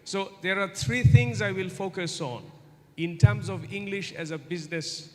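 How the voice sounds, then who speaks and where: A man's voice: high voice, darkish tone. A man giving an informal guest lecture to university students, coaxing answers with repeated questions. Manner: interactive, keeps asking the audience questions; slow, deliberate delivery with repetitions. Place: large university hall. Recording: long hall reverb.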